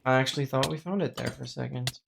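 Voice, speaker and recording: A game streamer chatting casually during a live gameplay stream, excitable, exclaiming often and thanking viewers. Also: medium pitch, quick pace, creaky, background noise.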